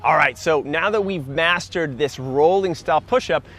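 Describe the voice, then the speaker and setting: A man's voice: fairly high pitch, moderate pace, a bit bright. A man coaching runners outdoors, upbeat and instructive as he demonstrates push-ups while talking. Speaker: running coach. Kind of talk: fitness demonstration. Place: outdoors near a park.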